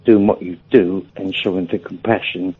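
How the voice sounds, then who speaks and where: Guy calling a radio show, low voice, earnest and chatty, dull phone-line sound. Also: steady tone, moderate pace, breathy edge. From Wales. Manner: earnest, chatty, calls host mate. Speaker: caller.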